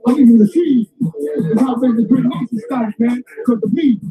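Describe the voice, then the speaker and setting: A man's voice: extremely high pitch, brisk, rough recording. A man ranting in a boastful, half-sung freestyle manner. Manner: half-singing, boastful, repetitive. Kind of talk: sing-song freestyle rant. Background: hip hop music.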